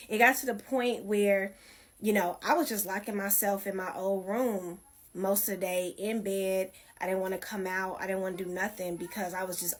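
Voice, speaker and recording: Woman, candid storyteller, blunt and frank, middle pitch. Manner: blunt, heated, frank retelling with acted quotes. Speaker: guest telling her life story.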